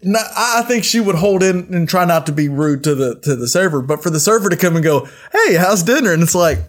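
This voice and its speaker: A man's voice: fairly high pitch, a little fast. A man co-hosting a casual podcast, prodding his co-host with teasing questions. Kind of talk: casual chat.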